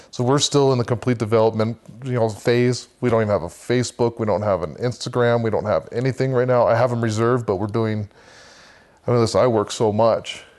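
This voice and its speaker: Earnest low-voiced man telling his story. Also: a little mellow. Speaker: podcast guest, men's church group leader. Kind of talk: podcast interview, personal faith testimony.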